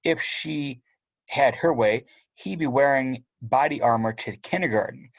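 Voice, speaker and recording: A man's voice: medium pitch, unhurried, dry recording. A man narrating a first-person story aloud in a wry, sardonic way. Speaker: audiobook narrator.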